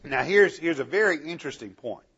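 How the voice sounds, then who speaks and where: A man teaching a Bible class, animated, asking the class questions and chuckling often, on a dull lo-fi recording. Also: fairly high pitch, brisk, slightly rough.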